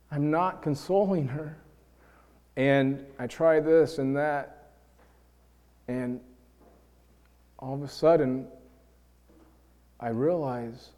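A man's voice: mid-range voice, a little mellow. Earnest man preaching in a hall. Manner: earnest, building to emotional peaks. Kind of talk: sermon. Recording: long hall reverb.

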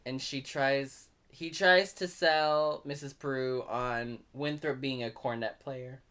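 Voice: medium pitch, fairly even intonation, fairly bright tone. A young adult podcast co-host casually recapping a movie plot in a chatty, joking way. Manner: chatty, joking, slow, loose retelling.

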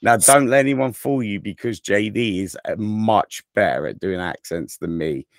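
A man with an English accent co-hosting a podcast, joking and telling stories in a playful, animated way. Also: on the low side, normal speed, no room sound, studio quality. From England. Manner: playful, jokey, animated storyteller. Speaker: podcast co-host. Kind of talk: casual podcast banter.

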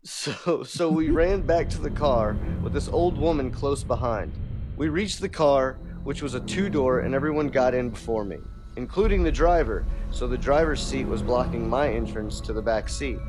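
A man's voice: medium pitch, expressive, moderate pace, music in the background. A man hosting a podcast, reading a listener's story aloud with casual asides. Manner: laughs easily, reads with asides. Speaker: podcast host.

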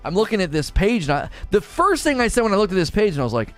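A man's voice: high voice, sing-song, fast, soft background music. A man live-streaming and chatting casually about a game, rambling and often repeating his words, into a desk mic run through a mixer. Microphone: desk mic through mixer and preamp.

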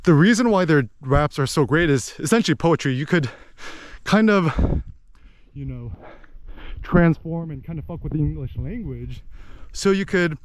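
A young American man talking casually about learning languages, animated and digressive, full of asides and tag questions. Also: a little high, normal speed. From United States. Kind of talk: casual explanatory monologue.

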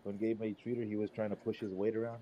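A man's voice: lowish voice, little pitch movement, fast talker, highs cut off, crowd noise. A man, co-hosting a casual group chat, telling his stories bluntly and with a lot of swearing. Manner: blunt, profane storytelling. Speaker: podcast co-host. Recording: faint background noise.

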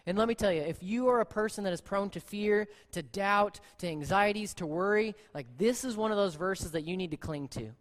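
A pastor preaching a sermon in a conversational, animated way, acting out quoted lines. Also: mid-range voice, fairly quick, hardly any pauses. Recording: long reverb in a large hall.

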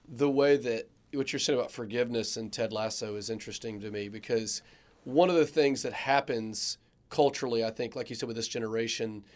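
A man who is a theologian and ethicist, musing reflectively on a podcast with frequent "like" fillers. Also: mid-range voice. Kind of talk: casual podcast discussion.

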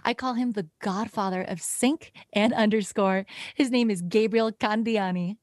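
A woman's voice: medium pitch, moderate pace, darkish tone, dry recording, clean studio sound. A woman hosting a podcast interview who gushes with enthusiasm and laughs often. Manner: gushing, enthusiastic, laughs a lot. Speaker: podcast host. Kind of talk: casual interview chat.

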